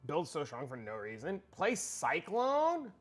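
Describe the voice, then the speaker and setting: A man's voice: fairly high pitch, wildly swooping pitch, measured pace. A man livestreaming, chatting casually with his viewers in a rambling, profane way, often repeating himself.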